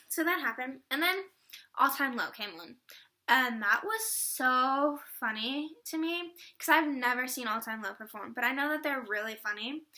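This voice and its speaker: Bubbly high-voiced teenage girl vlogger. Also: pushed and bright. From Atlanta area, US Southern. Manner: bubbly, rambling with many fillers. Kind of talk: casual chat.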